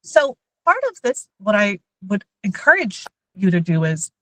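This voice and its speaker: A woman and mother giving a lively workshop talk on emotional intelligence to parents and teachers. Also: medium pitch, measured pace, no echo, rough recording. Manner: lively, acts out everyday scenes in quoted voices.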